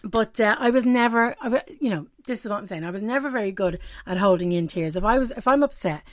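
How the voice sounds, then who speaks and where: A woman's voice: medium pitch, fast talker, no echo. Middle-aged woman, candid and self-deprecating, dry close-mic read of a personal reflection. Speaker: weekly reflection presenter.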